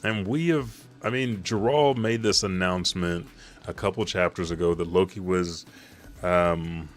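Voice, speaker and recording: A man's voice: sits low, a little slow. A man casually recapping a manga chapter, rambling and swearing.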